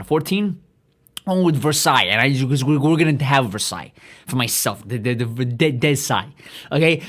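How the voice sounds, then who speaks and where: A man hosting a podcast, delivering a profane, rambling, self-aggrandizing comedic monologue. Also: a little high. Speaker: podcast host.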